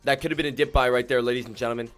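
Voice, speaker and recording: Guy livestreaming his trades, mid pitch, slangy, goes from mumbling to yelling woo, faint music behind. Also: very fast. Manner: excitable, swings from calm muttering to loud whoops; slangy, keeps addressing viewers as ladies and gentlemen. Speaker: day-trading streamer. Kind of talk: live trading stream commentary.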